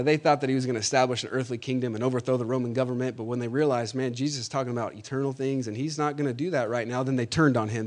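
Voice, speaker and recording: A man preaching a sermon, swinging between loud emphatic declarations and quieter storytelling, slowing down to stress key phrases and calling out to the congregation. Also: mid-range voice.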